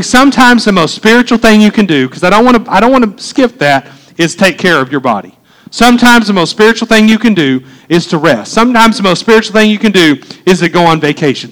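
High-voiced guy preaching a sermon, animated, keeps talking straight to the crowd. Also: rough recording. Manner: animated preaching with conversational asides. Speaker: pastor.

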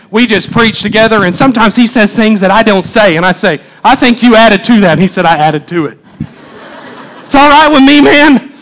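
A preacher man, his voice sitting unusually high for a man. He preaches eagerly and quickly, tripping over his words and restarting in his rush to get the next thing out. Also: rough recording. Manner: fast, excitable preaching with many restarts. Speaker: pastor. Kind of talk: sermon.

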